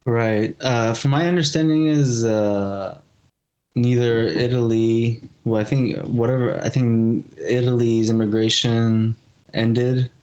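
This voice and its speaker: A man's voice: mid-range voice, steady tone, takes it slowly, darkish tone, highs cut off. A man from Bosnia and Herzegovina, a guest on a podcast, talking casually and hesitantly with restarts. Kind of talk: casual interview talk.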